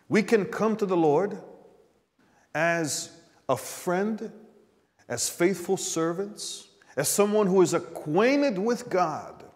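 A man preaching a sermon as pastor, calling out to the congregation for an amen. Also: a little high. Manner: preaching with call-and-response "Amen?". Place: church sanctuary. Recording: long hall reverb.

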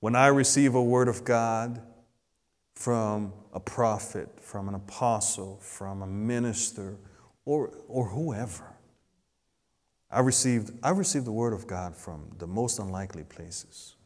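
Slow, swelling male preacher in a reverberant hall. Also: lowish voice. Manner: swings between loud emphatic peaks and soft hushed asides. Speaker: pastor. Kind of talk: sermon.

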